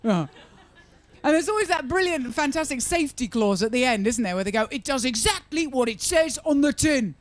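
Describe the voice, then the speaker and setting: A woman's voice: sits high, lively intonation, fairly quick, no echo. A woman performing a stand-up comedy set at a live venue, chatty and sarcastic, teasing the crowd.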